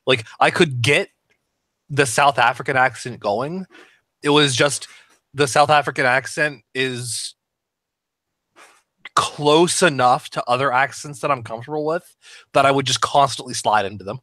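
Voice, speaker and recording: A man who voices characters, talking shop in a casual podcast chat, animated and swearing freely. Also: mid-range voice, measured pace, long pauses, no room sound. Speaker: voice actor discussing his roles.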